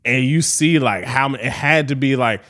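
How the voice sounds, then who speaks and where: A young man talks as a guest DJ in a relaxed interview. His voice sits at an ordinary middle pitch. He tells his story loosely and keeps circling back with "like" and "you know". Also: moderate pace. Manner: rambling, full of "like" and "you know".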